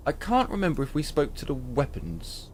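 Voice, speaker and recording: A man's voice: on the high side, wildly swooping pitch, normal speed, a little hiss or hum. Man mumbling through game commentary. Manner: casual, muttering asides, coughing. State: frog in his throat. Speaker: gaming video host. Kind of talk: let's play commentary.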